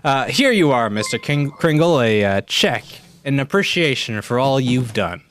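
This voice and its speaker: A blustering, exclaiming reader performs a store owner in an amateur online radio play. The voice stays mid-pitched but moves around a lot. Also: sing-song, normal speed.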